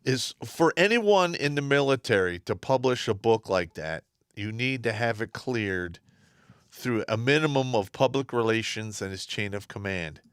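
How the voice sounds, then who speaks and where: A man's voice: medium pitch, animated, moderate pace, clear, resonant tone, no echo, studio quality. A man co-hosting a casual livestream, giving blunt, matter-of-fact opinions. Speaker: livestream co-host.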